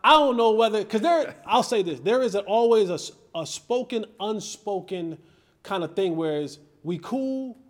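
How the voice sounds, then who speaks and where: A man hosting a podcast, telling a story in a lively, casual way and acting out quoted lines in different voices. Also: high-pitched, normal speed. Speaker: podcast host and former player. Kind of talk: animated storytelling in casual chat.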